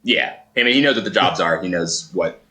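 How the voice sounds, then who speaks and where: A man's voice: sits low, a little fast, pushed and bright, low-quality recording. A man narrating as game master of a tabletop role-playing game, rambling and hedging as he describes scenes.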